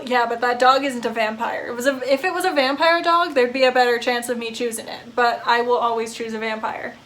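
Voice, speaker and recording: A woman's voice: on the high side, steady tone, fairly quick, few pauses, fairly bright tone, a little hiss or hum. A young woman giving casual, giggly, chatty asides while reading a game aloud. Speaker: game reader.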